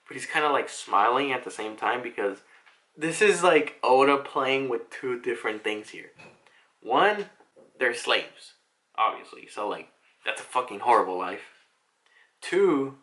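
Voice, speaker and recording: A man's voice: mid-range voice, pushed and bright. A young man casually recapping a manga chapter, chatty and full of "like" fillers, acting out the characters' lines and swearing now and then. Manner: chatty, lots of "like" fillers, acts out quotes.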